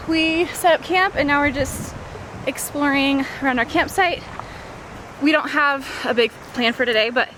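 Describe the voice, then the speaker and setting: A woman in her late twenties chatting casually for her vlog outdoors at a forest campsite, rambling and giggly as she talks. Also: high-pitched. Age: late 20s. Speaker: vlogger. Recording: outdoor recording with clear background noise.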